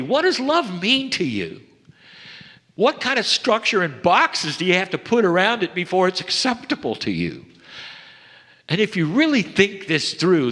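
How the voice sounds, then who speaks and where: A man delivering a channeled spiritual message to a seminar audience, measured and intimate, often sinking to hushed tones. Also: sits high. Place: seminar hall. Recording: long hall reverb.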